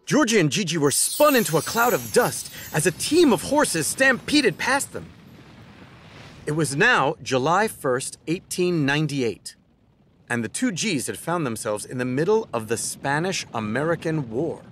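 A man narrating a children's time-travel story in a scripted, expressive reading. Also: on the high side, a little slow, slight background noise.

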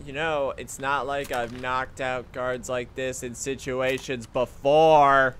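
A man giving casual, jokey commentary over a video game, excitable and prone to yelling. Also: medium pitch, slow. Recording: game noise under the voice. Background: game sounds.

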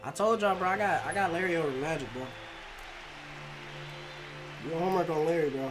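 A man hosting a basketball reaction video, excitable and full of slang, always asking if you know what he means. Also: on the high side, a little fast, music in the background. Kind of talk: casual reaction commentary.

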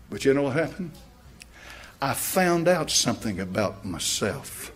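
Preaching with stories that he laughs at, this older American pastor climbs toward fervent questions. His medium-pitched voice is husky and sing-song, a bit slow, with long pauses.

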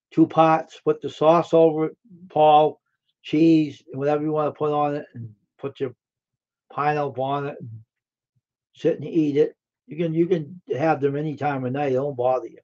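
A man hosting a live stream, rambling on in a friendly, casual way and circling back with fillers and repeats. His voice sits a little high for a man. The sound is dull and lo-fi, like cheap stream audio. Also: darkish tone.

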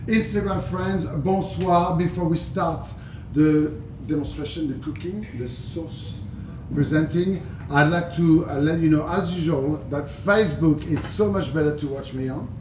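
Chatty French-accented man, echoey and distant. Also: moderate pace. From France. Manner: chatty and playful, many fillers. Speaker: chef hosting a cooking livestream. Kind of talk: casual live cooking demonstration. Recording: echoey room, distant mic, low rumble.

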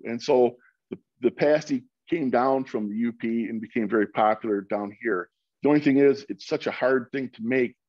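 A man's voice: medium pitch, no echo, highs cut off. A man from Michigan giving an informal presentation over a video call, with many fillers and restarts. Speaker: guest speaker.

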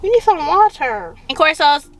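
A woman's voice: high-pitched, big pitch swings, moderate pace, fairly bright tone. A young woman vlogging casually, chatting to her viewers and baby-talking to her new puppy in a car. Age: young adult. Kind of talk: casual vlog chat.

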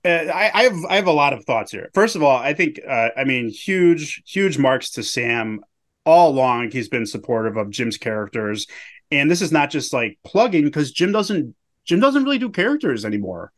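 A man's voice: medium pitch, very animated, normal speed. Jokey man co-hosting a podcast. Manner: jokey, easygoing banter. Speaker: podcast co-host. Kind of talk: casual recap chat.

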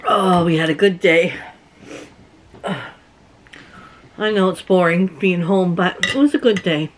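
Speaking slowly in a lowish voice, this woman talks to camera from her country home in Canada. She's a middle-aged vlogger who shares stories with her viewers and laughs a lot along the way.

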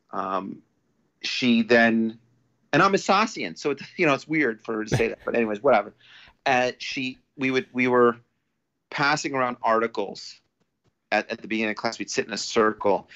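A man talking as a podcast guest in a casual, rambling way, restarting often and getting animated when he quotes people. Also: medium pitch. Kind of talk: casual storytelling. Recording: dull lo-fi audio.

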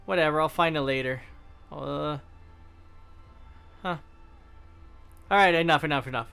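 A man's voice: fairly high pitch, moderate pace, vocal fry, pauses often, bright, forceful tone, smooth, soft background music. A young man giving casual let's-play commentary, rambling, swearing freely and often trailing off mid-thought. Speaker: gaming channel host.

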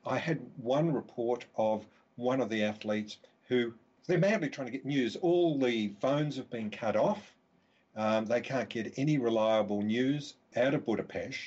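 Husky guy author telling a story on a podcast, mid voice, kinda dull lo-fi sound. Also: mid-range voice, darkish tone. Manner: vivid anecdotal storytelling. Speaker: author and guest. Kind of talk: storytelling interview answer.

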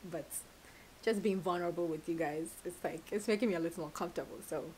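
A woman's voice: fairly low pitch, fast talker, darkish tone, a little hiss or hum, poor audio. A woman in her twenties chatting casually at home in a rambling, giggly vlog. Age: 20s. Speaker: vlogger. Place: home kitchen.

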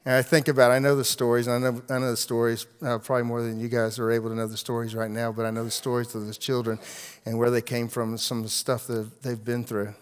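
A middle-aged male pastor delivers a storytelling sermon, rising to loud, emphatic lines and then dropping to near-hushed asides. His voice sits at an ordinary male pitch. It carries the long reverb of a big church hall. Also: little pitch movement, quick pace, smooth.

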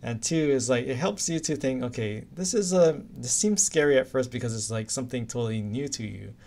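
A Hawaiian man teaches an anatomy lecture, recorded, in a casual, chatty manner, using silly stories to help things stick in memory. His mid-range voice is gravelly and mellow, and he speaks a little fast.

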